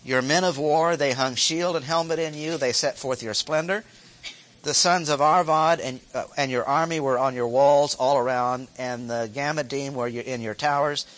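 A man gives an expository Bible lecture, reading verses aloud and pausing to explain them with short asides and repeated key phrases. His mid-range voice is steady, fairly bright, and moderately paced.

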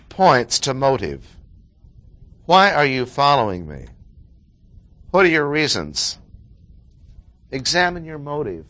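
A man's voice: medium pitch, fairly bright tone. A man preaching a sermon, explaining a Bible passage with emphatic repetition of key words.

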